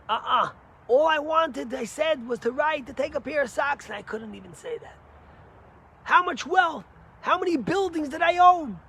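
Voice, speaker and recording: A man, a rabbi, giving a sermon with animated, emphatic storytelling. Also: very high-pitched, moderate pace, slight background noise.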